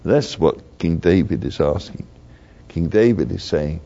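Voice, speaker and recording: Slow, gravelly older man preaching. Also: low voice, animated, warm tone. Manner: slow, earnest, repeats key phrases. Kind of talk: sermon. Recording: dull lo-fi recording.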